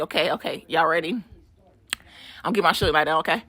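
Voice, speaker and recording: Chatty bright-voiced woman, dry sound. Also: on the low side, fast, no echo. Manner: chatty, animated, laughing, swearing casually. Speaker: nail art creator. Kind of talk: casual vlog voiceover. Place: home game room.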